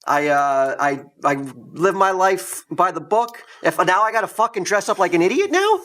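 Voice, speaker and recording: A man with a high voice and a lively, swooping delivery, talking in a casual podcast chat. He sounds indignant and emphatic and swears freely as he makes his case. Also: normal speed. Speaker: podcast co-host.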